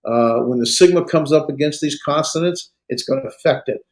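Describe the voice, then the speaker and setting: A man tutoring a student one-on-one in Greek grammar, relaxed and encouraging, with many fillers. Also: a little high, brisk. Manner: relaxed, coaching, filler-heavy.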